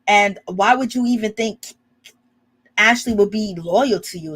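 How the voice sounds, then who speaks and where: A woman chatting casually as she recaps a reality show, gossipy and rambling, full of asides and "you know"s. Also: medium pitch. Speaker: reality TV commentator.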